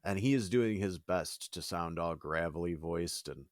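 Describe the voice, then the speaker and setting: Male podcast co-host, very low voice, animated casual talk, dry close sound. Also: unhurried, dry recording. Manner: animated, frequent "like", laughs.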